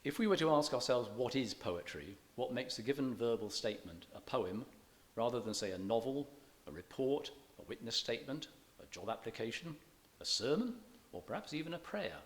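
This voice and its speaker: A man giving a public lecture on reading poetry. He explains in a measured way, with dry self-deprecating humour. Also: medium pitch, animated. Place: church event.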